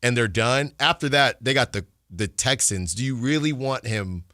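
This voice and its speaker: Chatty bright-voiced radio host man. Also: moderate pace, no room sound, studio quality. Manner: chatty, animated, jumps pitch when excited. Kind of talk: casual sports talk.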